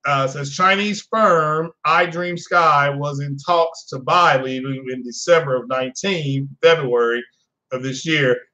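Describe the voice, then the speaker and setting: A man's voice: mid-range voice, pushed and bright, poor audio. A man hosting a casual live gaming podcast, talking loosely and rambling as he reads chat and news to his viewers. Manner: rambling, chatty, talks to chat viewers by name.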